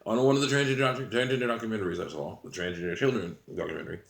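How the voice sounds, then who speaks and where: Guy with a really low voice rambling on, chuckling a lot, sounds echoey like a bare room. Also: fairly even intonation, very fast, vocal fry. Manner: rambling, chuckles often between sentences. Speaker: channel host. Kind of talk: casual monologue to camera. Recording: roomy echo.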